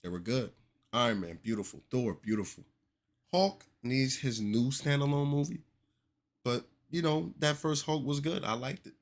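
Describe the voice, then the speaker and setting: A young man hosting a casual commentary podcast, animated and joking with exaggerated reactions. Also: medium pitch, moderate pace. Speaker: podcast host.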